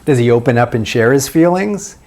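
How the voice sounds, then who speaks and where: In this self-help video, a male dating coach fires off question after question, coaching the listener through a long run of prompts about dating. He speaks a little fast in a mid-range, slightly mellow voice with lively intonation.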